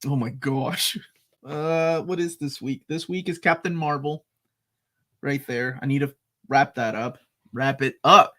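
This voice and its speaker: A man's voice: mid-range voice, a little slow, a bit bright. A man co-hosting a casual live chat, joking and reading out viewer comments. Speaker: co-host.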